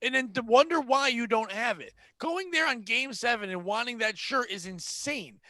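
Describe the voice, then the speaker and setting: Man, high bright voice, profane exasperated ranting, dry close sound. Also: animated, moderate pace, no room sound. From Connecticut. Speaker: podcast host. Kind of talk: casual ranting chat.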